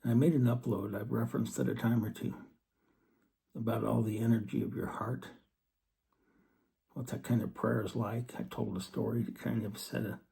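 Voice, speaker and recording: A man giving an earnest scripture study talk, reading verses slowly and then explaining them. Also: mid-range voice, level tone, vocal fry, dark tone. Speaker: religious teacher.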